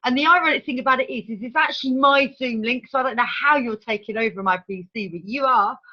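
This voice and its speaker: A woman hosting a team training over a video call, talking in a brisk, chatty, organizing way. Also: sits high. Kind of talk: casual online meeting talk. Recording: dull video-call audio.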